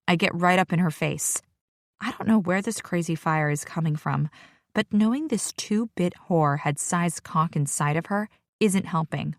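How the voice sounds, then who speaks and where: A woman narrating a first-person romance audiobook with a sassy, expressive delivery. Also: deep voice, normal speed, no room sound, studio quality.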